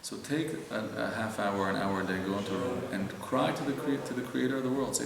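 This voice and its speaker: A man, a rabbi, giving earnest, heartfelt spiritual teaching in a synagogue, slow and emotional, acting out inner voices. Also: lowish voice, creaky. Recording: echoey hall with faint noise.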